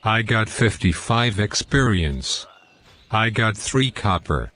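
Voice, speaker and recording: A man narrating a game walkthrough, deliberately reading out lore and in-game quotes. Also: lowish voice, lively intonation, noisy background. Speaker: gameplay commentator.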